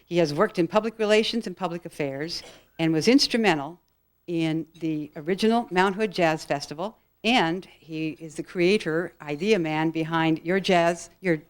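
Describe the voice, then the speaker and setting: A woman moderator reads a formal speaker introduction from her notes. Her voice sits a bit low.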